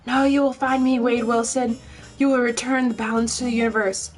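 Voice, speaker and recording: A woman voicing a lovelorn female spirit of death who pleads in a high, breathless, yearning voice. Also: fairly even intonation, brisk, soft background music, lightly acted. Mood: pleading.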